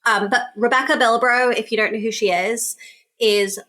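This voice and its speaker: A woman's voice: on the high side, fairly even intonation, moderate pace, sharp tone. A woman guest on a podcast, chatting casually in an upbeat, enthusiastic way. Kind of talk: casual panel chat.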